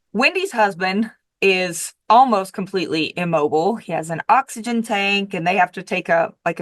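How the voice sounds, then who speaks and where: A woman coach talks straight to the camera in a casual monologue. She is emphatic, repeats herself for effect, and drops in the odd swear word. Her pitch is middling, and the recording is dry and close. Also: no echo. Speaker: diet coach and vlogger.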